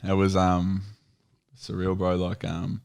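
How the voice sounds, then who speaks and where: Young Aussie man, deep gravelly voice, relaxed storyteller who swears a lot; podcast guest. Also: takes it slowly. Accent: Australian. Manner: laid-back, swears freely, laughs through stories. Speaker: podcast guest, UFC fighter. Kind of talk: casual chat.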